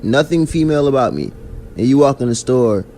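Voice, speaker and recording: A man's voice: mid-range voice, brisk, a little hiss or hum. A man hosting a podcast, ranting in casual chat full of slang. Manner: animated, ranting, heavy slang. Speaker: podcast host.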